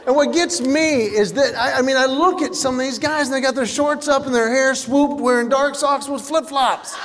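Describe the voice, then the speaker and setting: Stand-up comic, high voice, lively storyteller who acts out other people's lines, live hall sound. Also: male voice, normal speed, crowd noise. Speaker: comedian. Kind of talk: stand-up comedy.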